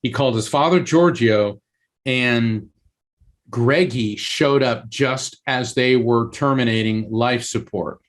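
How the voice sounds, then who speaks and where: Animated male podcast guest telling stories. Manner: animated, with sudden pitch jumps and halting restarts. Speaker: guest medium and author. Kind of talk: storytelling in a podcast interview.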